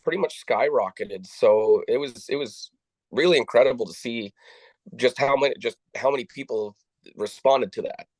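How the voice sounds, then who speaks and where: Halting man telling a story. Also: medium pitch, a little mellow, no echo, rough recording. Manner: halting, with frequent restarts and repeated words; acts out the dialogue of people he quotes. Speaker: interview guest. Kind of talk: conversational storytelling.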